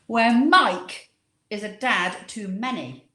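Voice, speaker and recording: A woman runs a quiz on a live cocktail show, chatty and teasing. Her voice sits on the higher side. It echoes around a roomy space. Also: lively intonation, slow, pushed and bright. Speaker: quiz host on a cocktail livestream. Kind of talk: casual chat. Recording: echoey room.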